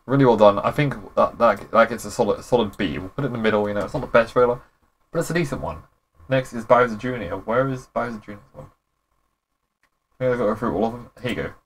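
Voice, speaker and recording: A young man giving casual, rambling commentary as a gaming YouTuber, with relaxed, slangy reactions. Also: fairly low pitch, fast, a little hiss or hum.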